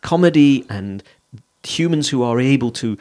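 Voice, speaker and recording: A man co-hosting a podcast, talking in a reflective, rambling way. He thinks out loud and often restarts his sentences. His voice sits at a middle pitch for a man. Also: animated, moderate pace. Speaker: podcast co-host. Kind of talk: casual chat.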